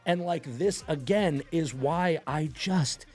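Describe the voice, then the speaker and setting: A man who coaches powerlifters, talking excitedly and emphatically in a reaction video and swearing a lot. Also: on the high side, takes it slowly, soft background music.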